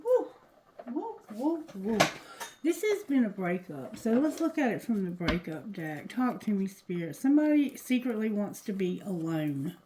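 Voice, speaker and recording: A woman giving a casual tarot reading to her viewers, talking loosely and cursing, going quieter when she asks the cards. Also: mid-range voice, sing-song, normal speed, hardly any pauses, noisy background. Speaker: tarot reader.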